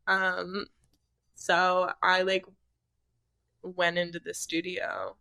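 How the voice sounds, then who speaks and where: Young adult female guest, casual rambler, bright tone, dry booth sound. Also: on the low side, level tone, unhurried, no room sound. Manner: rambling, many "like" fillers. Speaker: singer-songwriter guest. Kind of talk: casual podcast chat.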